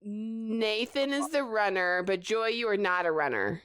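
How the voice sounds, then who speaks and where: A woman's voice: mid-range voice, expressive, a little slow, a bit bright, smooth, no echo, studio quality. A woman from Nebraska hosting a podcast, asking her guests questions in a giggly, curious way. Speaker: podcast host. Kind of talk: casual interview.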